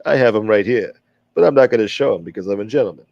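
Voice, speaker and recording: A man putting on a gruff old-school mobster who keeps calling himself a gentleman, menacing yet mock courteous. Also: lowish voice, animated, fast talker, no echo, highs cut off, voice pushed down.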